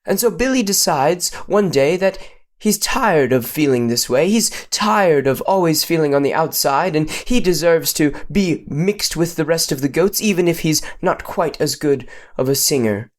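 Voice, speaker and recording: A man's voice: expressive, moderate pace, faint music behind. Playful man spinning a silly tale. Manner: playful, mock-solemn narration with sudden pitch jumps. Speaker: storyteller. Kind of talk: improvised storytelling.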